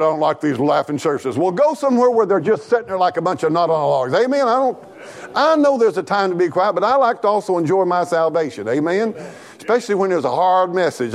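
A high-pitched male pastor preaches with animation and down-home warmth. He exchanges remarks with the congregation and joins in their laughter.

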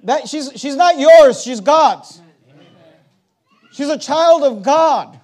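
A middle-aged man, a pastor preaching a sermon, swinging between soft confiding talk and loud emphatic lines. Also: very high-pitched, lively intonation, takes it slowly.

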